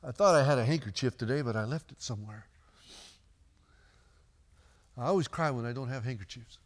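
A man's voice: medium pitch, quick pace. A man preaching a sermon in a church, chatty and joking with the congregation between readings. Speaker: pastor. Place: church sanctuary.

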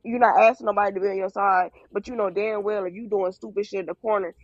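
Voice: medium pitch, steady tone, quick pace, dry recording, muffled recording. A speaker on a livestream berating someone bluntly, with constant profanity. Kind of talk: heated livestream rant.

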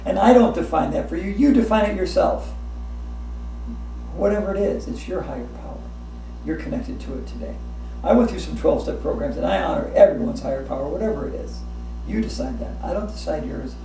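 A woman's voice: on the low side, vocal fry, mellow, slight background noise. Female yoga instructor, cheerful laughter-yoga delivery, heard from far off in an echoey hotel room. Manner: upbeat, chanting repeated breathing cues with bursts of laughter. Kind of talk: guided yoga class with laughter yoga.

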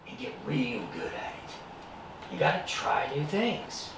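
A man's voice: medium pitch, huge pitch swings, slow, background noise, voice pushed down, full character voice. A man putting on the voice of his father, who gives blunt advice to his teenage son. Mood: advising. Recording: echoey room, mic at a distance.

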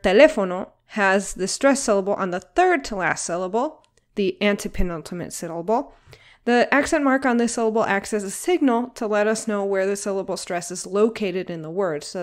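A woman teacher speaks in a patient, even voice, explaining a point step by step. She says her example words slowly and clearly, stressing the right syllable in each. Her pitch sits in a middle range for a woman. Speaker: Spanish teacher. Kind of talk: recorded online lesson.

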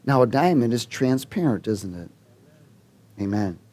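A male preacher with a lively, swooping voice that rises and drops a lot as he tells a story from the pulpit. He acts out the voices in his story and keeps stopping to restart or chuckle. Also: medium pitch, unhurried. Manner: animated storyteller, acts out dialogue. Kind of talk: sermon with personal story.

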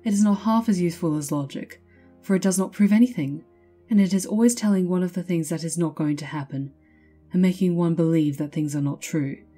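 A woman's voice: lowish voice, a little fast, warm tone, breathy edge, faint music behind. Woman doing a peevish, lecturing young student. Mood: sulky. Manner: indignant and lecturing. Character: peevish young male student, self-important. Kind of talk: storybook reading.

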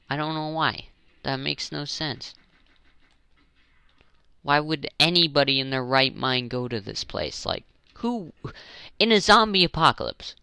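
A young man giving casual, rambling commentary while playing a zombie game, jokey and prone to exasperated high-pitched questions. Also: vocal fry, bright, forceful tone, clean tone, dry recording. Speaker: gaming channel host.

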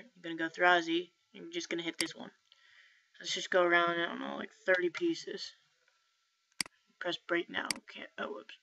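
A woman talking through a software tutorial in a rambling, casual way, often correcting herself. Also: lowish voice. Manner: rambling, self-correcting, filler-heavy. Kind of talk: casual screen-recorded tutorial. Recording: dull lo-fi mic with faint noise.

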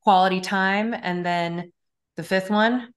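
A woman as a podcast guest, answering in a measured way and often hedging with "I think". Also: mid-range voice. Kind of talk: thoughtful interview answers.

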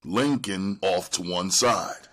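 A man reading a screenplay aloud in a measured, descriptive way. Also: deep voice, a bit bright. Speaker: reader.

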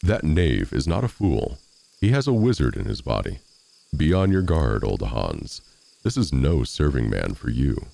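Big dumb giant growling slow and gravelly, a guy putting it on, storybook reading, super deep. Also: sing-song, mellow, full character voice. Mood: fearful. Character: huge dim-witted male giant, booming then timid.

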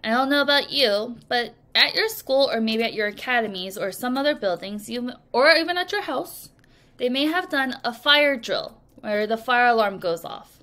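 A woman teaching English vocabulary to children in a recorded lesson, speaking slowly and clearly and acting out example sentences. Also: on the high side, expressive, bright, forceful tone. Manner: slow, clear teacherly delivery with acted examples.

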